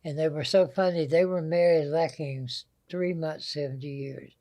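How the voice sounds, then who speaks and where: This older Southern American man is an interview guest sharing folksy, anecdotal family stories. His voice sits on the high side, mellow, with fairly even intonation at a moderate pace.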